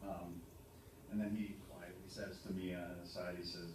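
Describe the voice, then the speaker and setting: A man in his fifties with a lowish voice tells dry, halting jokes with plenty of ums. He is heard from a distance in a very echoey hall. Room noise carries clearly behind him. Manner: halting, dry humorous storytelling with many ums. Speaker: son giving a birthday tribute. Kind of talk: speech to a party audience. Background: room ambience and audience laughter.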